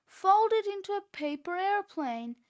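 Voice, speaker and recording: A woman reading aloud, voicing a quick-thinking young boy who yells orders. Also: high-pitched, lively intonation. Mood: urgent. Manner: yelling, urgent.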